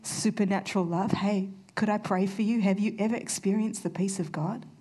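A woman's voice: medium pitch, fairly even intonation, brisk, mellow, husky. A woman preaching a sermon, earnest and conversational, telling personal stories. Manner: earnest, storytelling with conversational asides.

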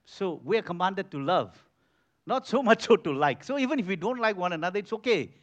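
Lively, animated male pastor preaching. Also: sits high, brisk, lo-fi sound. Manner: lively, conversational preaching with repeated restarts. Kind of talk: sermon. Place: church.

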